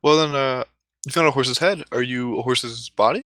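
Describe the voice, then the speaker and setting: A man's voice: mid-range voice, normal speed, bright, forceful tone, no room sound, close to an everyday voice. A man voicing a theatrical male circus clown who speaks with formal, mock-courteous politeness. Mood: teasing, mock-polite.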